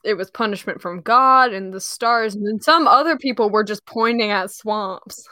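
A woman's voice: medium pitch, normal speed, sharp tone, no echo, studio quality. A woman co-hosting a podcast while sick, trading teasing jokes in casual chat. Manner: teasing, joking banter. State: sick with a cold. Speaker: podcast co-host.

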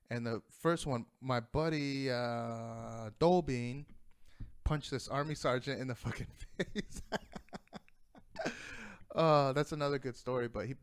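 Smooth-voiced man telling a profane story. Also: mid-range voice. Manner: profane, rambling, laughs often. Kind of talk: casual storytelling.

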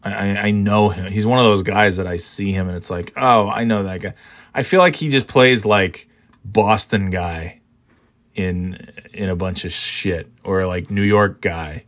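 A man's voice: lowish voice, fairly even intonation, unhurried, a bit bright, dry recording. A tired, yawning man rambling sarcastically in a casual monologue, swearing freely and mocking himself. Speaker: vlogger.

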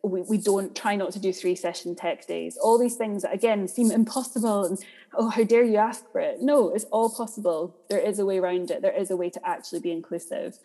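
A Scottish woman, a theatre director, is a guest on a podcast interview, speaking candidly and reflectively and thinking aloud with frequent ums. Her mid-range, mellow voice is steady and brisk with few pauses, heard in long hall reverb.

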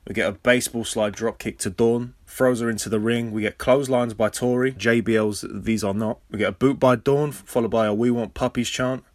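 An English man hosting a casual podcast recap, sarcastic and swearing freely, with sudden loud high outbursts. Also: fairly even intonation, fairly quick, hardly any pauses, no echo, clean studio sound. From England. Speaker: podcast host.

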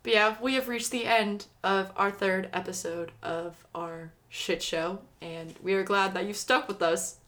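A woman's voice: mid-range voice, unhurried, few pauses. A young woman, co-hosting a podcast, talking expressively with lots of swearing and "like". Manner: expressive, swears a lot, fillers like "like". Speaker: podcast co-host. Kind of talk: casual chat.

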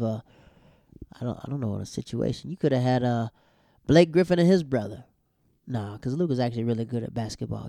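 Young man, casual show recap, slangy, mellow voice, dry close sound. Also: dry recording. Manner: animated, slangy, jumps to high exclaiming bursts.

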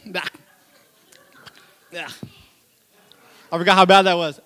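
A man preaching a sermon as pastor, telling a childhood story with animated delivery and laughter. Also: high-pitched, a little slow, long pauses.

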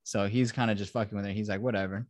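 A man's voice: lowish voice, fairly even intonation, racing, darkish tone, no room sound, studio quality. A young man hosting a podcast, rambling and swearing as he retells a film plot in casual chat. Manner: profane, rambling storyteller. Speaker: podcast host.

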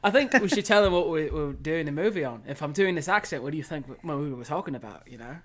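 A man's voice: on the high side, expressive, fast talker, a bit bright. A man putting on a British accent as a cheeky bloke, hamming it up with slang. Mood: playful. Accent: put-on British. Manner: jokey, hammed-up slang.

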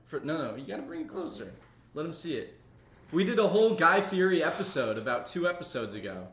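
A man co-hosting a casual comedy podcast, telling stories in an animated way and swearing often. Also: on the high side, fairly quick, roomy sound, slight background noise. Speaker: podcast co-host. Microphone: seen on camera.

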